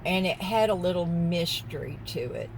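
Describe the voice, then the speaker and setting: A woman's voice: fairly low pitch, normal speed, slight background noise, rough recording. A woman vlogger rambling casually from her parked car and getting sidetracked mid-story. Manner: chatty, wandering, easily sidetracked. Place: parked car in a parking lot.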